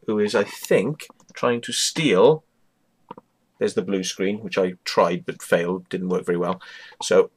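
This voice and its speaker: Man, vlogger, casual rant, lots of swearing, animated storytelling, small home room. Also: on the low side. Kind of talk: casual ranting monologue.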